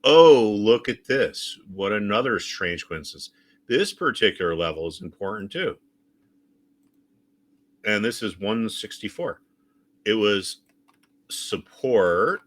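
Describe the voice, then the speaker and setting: Guy walking thru stock charts, punchy and insistent, lowish voice with a bright edge. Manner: emphatic, lively, repeats key phrases. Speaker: trading educator. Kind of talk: screen-share chart lesson.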